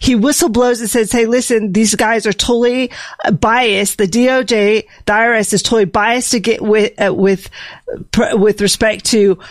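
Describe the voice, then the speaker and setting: A woman's voice: a little high, steady tone, normal speed, dry recording. Conversational female co-host, dry sound. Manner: conversational, with frequent restarts. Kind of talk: opinionated commentary chat.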